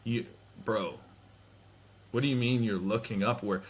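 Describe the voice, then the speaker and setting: A man hosting a podcast, telling a comedic story in a casual, animated way, swearing and slipping into quick impressions of people. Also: on the low side, slight background noise. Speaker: podcast host. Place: home.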